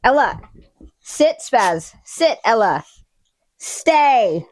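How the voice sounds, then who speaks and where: A woman livestreaming in casual chat with her viewers, animated, swearing freely and talking to her dogs. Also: fairly high pitch, a little slow.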